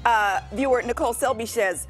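A woman's voice: on the high side, fairly quick, faint music behind. A woman hosting a morning TV show, upbeat and playful as she introduces a segment and banters with her co-hosts.

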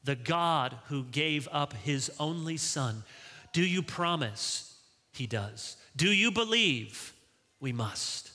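A man preaches with a very bright, forceful voice that sits a little high for a man. His delivery is animated, leaping upward when he acts out pleas to characters. The sound rings with the long reverb of a large church hall. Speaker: pastor. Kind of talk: sermon.

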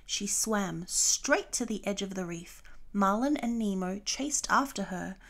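A woman reading a children's storybook aloud, clear and expressive. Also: medium pitch, unhurried.

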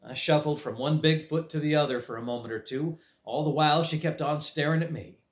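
A man's voice: fairly high pitch, fairly quick. A man reading a chapter book aloud for a library, narrating in a folksy drawl. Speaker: library read-aloud reader. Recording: roomy echo.

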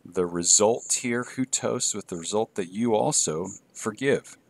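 Slow, low-voiced male Greek teacher. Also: gravelly, no room sound. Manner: measured, halting with fillers, reads Greek aloud then translates. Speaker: Greek instructor. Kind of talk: recorded lecture.

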